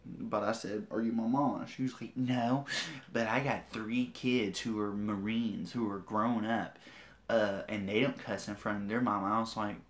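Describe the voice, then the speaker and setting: A man's voice: on the low side, steady tone, moderate pace, fairly bright tone, slight background noise. A man telling a story on a livestream, swearing a lot and talking in a defiant, boastful way. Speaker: vlogger. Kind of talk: livestream rant.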